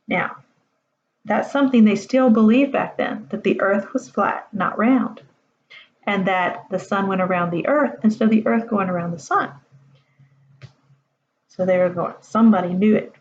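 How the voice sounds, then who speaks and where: A woman's voice: medium pitch, normal speed, pauses often. A woman reading a children's chapter book aloud at home, friendly and explaining to young listeners. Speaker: storybook reader. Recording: roomy, dull lo-fi home recording.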